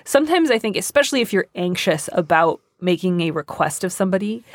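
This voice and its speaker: A woman hosting an advice podcast, talking in a brisk, chatty way and acting out sample requests. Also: lowish voice, animated, no echo, clean studio sound. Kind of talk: casual advice chat.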